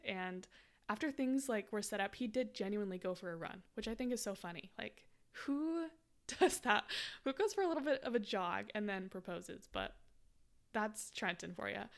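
A woman's voice: medium pitch, gravelly. A woman in her twenties hosting a podcast, telling a story casually with lots of "like" fillers and laughter. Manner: chatty, frequent "like" fillers, laughs while telling. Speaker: podcast host.

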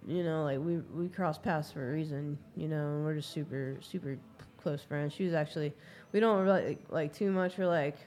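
A speaker at an average pitch talks in a reflective, candid way during a casual chat. Faint background noise runs under the voice. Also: moderate pace, few pauses, a little mellow. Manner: reflective, candid, speaks openly about recovery and faith.

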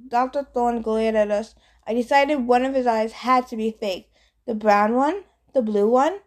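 Brief: woman audiobook reader, slightly high voice, easygoing first-person narration. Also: measured pace. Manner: casual first-person storytelling. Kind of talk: scripted narration.

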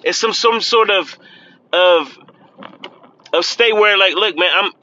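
A man's voice: high voice, slow pace, sharp tone, dull audio. A man giving casual, earnest pep talk while driving, repeating himself and calling the listener "man". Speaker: podcast host. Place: in a car, driving.

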